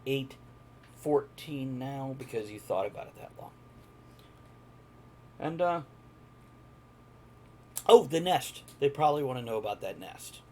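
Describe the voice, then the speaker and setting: A man's voice: medium pitch, moderate pace, pauses often, darkish tone, slight background noise. A man narrating a live-streamed tabletop game as game master, chatty and jokey, chatting with viewers in between.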